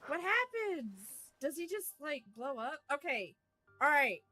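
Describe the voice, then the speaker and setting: A woman streamer commentating her gameplay live, her very high voice swooping widely. She speaks at an unhurried pace with a bright, sharp tone in a dry sound. She is excitable, breaking into shrieks and laughter and repeating her favourite phrases. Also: dry recording, faint music behind.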